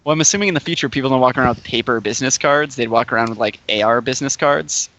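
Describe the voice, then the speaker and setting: A man's voice: mid-range voice, rapid-fire, a bit bright, slight background noise. A man playing a tabletop role-playing game, talking eagerly and chattily about his character's plans. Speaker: player. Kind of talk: casual tabletop game play.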